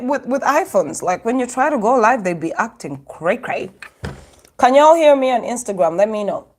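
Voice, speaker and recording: A woman from Uganda hosting a casual live stream from her phone, chatting to viewers and laughing often. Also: a little high. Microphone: phone microphone.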